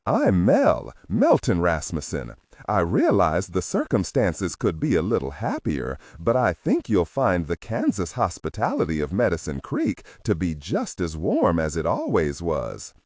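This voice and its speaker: A man's voice: low voice, huge pitch swings, a little slow, a little mellow, dry recording, clean studio sound, full character voice. A man doing a hearty nosy storekeeper. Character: hearty middle-aged male store owner, nosy.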